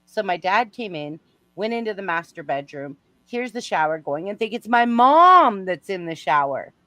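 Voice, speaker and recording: A woman speaking at medium pitch and moderate pace shares a personal story on a casual livestream, with no room sound and faint music behind her. She animatedly voices the characters, shrieking and laughing at key points.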